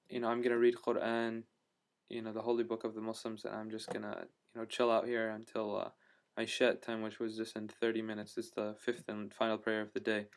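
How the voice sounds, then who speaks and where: Smooth-voiced man rambling in a video diary. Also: on the low side. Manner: rambling, full of fillers and restarts; enthusiastic storyteller. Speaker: travel vlogger.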